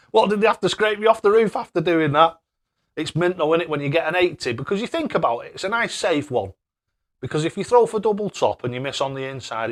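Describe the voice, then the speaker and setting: On a casual live stream, a young man chats in a cheery, excitable way with a slightly high voice. He repeatedly thanks his viewers by name.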